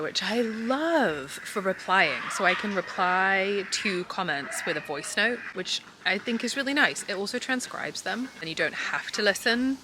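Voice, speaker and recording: A woman in her thirties chatting casually to camera at home in a family vlog, reflective and talkative, with soft laughs. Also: on the low side, background noise. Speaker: family vlogger.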